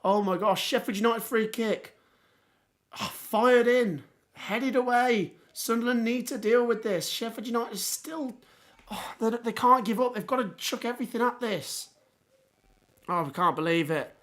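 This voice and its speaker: A man hosting a live football watchalong, hoarse with his voice going, reacting in excited exclamations. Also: very high-pitched, measured pace. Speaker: livestream watchalong host.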